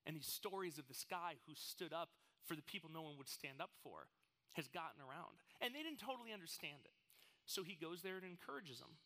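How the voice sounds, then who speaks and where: A man who is a youth pastor, preaching a casual, animated sermon to students and telling stories in a playful way. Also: sits high.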